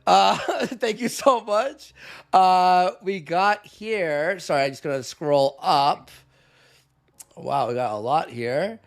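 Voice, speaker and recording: A man's voice: sits high, takes it slowly, creaky. A man co-hosting a live stream, reading out donation messages in a casual, joking way with laughs and fillers. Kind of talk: casual livestream chat.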